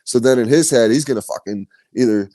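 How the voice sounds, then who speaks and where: A man's voice: medium pitch, brisk, dark tone, no room sound, clean studio sound. A man hosting a podcast, telling stories in loose, profane casual chat. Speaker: podcast host.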